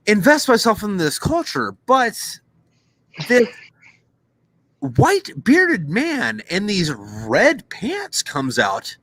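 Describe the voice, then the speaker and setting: A man co-hosting a casual podcast over a video call, spinning a rambling deadpan satire with lots of restarts. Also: high voice. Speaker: podcast co-host. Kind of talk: casual chat.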